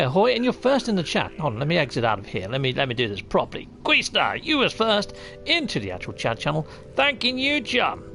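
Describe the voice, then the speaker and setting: A man's voice: fairly high pitch, creaky, a bit bright. A man hosting a live game stream, greeting chat viewers with jovial, theatrical flair and chatty asides. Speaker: gaming livestream host. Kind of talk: live gameplay commentary and chat shout-outs.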